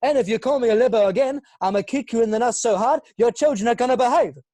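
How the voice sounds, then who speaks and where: A young man voicing a brash, cheeky young male street lad who talks loud and boastful. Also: very high-pitched, quick pace, no echo, clean studio sound, voice pushed up. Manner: loud, boastful, calls people dog.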